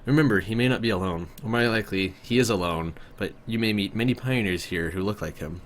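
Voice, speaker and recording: A man's voice: lowish voice, fast talker, a little hiss or hum, natural voice. A man doing a cryptic young pioneer.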